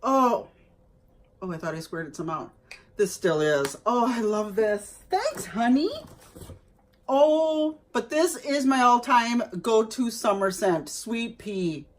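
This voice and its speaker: A woman's voice: on the high side, expressive, slow. A woman vlogger chatting casually to viewers as she unboxes gifts, exclaiming over each item.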